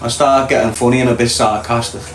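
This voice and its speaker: Quick and steady, with a medium pitch and a fairly bright tone, this middle-aged host speaks with a Liverpool accent. He reads viewers' comments on his casual livestream, blunt and freely swearing, in an echoey room with faint ambience.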